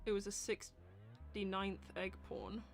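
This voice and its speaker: A woman hosting a casual live-stream Q&A, chatty and quick to laugh, turning loud and animated when indignant. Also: medium pitch, slight background noise. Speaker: host of a live voice-acting show.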